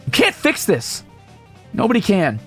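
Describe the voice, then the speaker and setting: A man voicing a bitter, scornful teenage alien troll girl who sneers and shouts. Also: high voice, wildly swooping pitch, unhurried, husky, soft background music, voice pushed up, full character voice.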